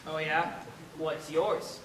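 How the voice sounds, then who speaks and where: A young actor in a school play playing a polite, formal young researcher from out of town. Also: male voice, on the high side, fairly even intonation, takes it slowly, fairly bright tone. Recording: roomy stage sound from far off, noisy.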